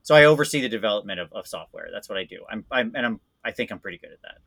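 A man chatting casually as a podcast guest, rambling and self-deprecating, quick to laugh at himself. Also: on the low side, animated, vocal fry, fairly bright tone. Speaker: guest voice actor.

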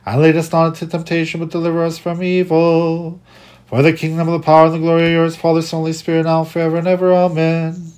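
A reader reciting liturgical prayers and psalms in a steady cadence, with occasional stumbles and restarts. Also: medium pitch, fast.

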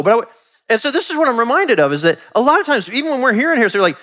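Animated man preaching a sermon. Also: a little high, racing. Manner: animated, conversational preaching with quoted asides. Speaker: pastor.

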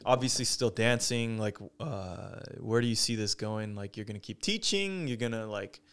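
A man's voice: fairly low pitch, lively intonation, normal speed, fairly bright tone, clear, resonant tone. Laid-back, laughing young male podcast host. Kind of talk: casual chat.

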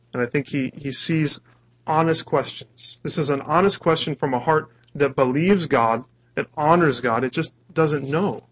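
A man's voice: mid-range voice, husky. A man preaching a sermon as a pastor, earnest and conversational, often restarting his words. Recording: dull lo-fi recording.

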